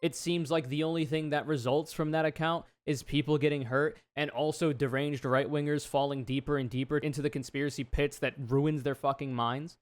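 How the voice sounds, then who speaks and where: A man's voice: on the high side, fairly even intonation, brisk, hardly any pauses. A man giving a political commentary video in a sarcastic, profane, exasperated way.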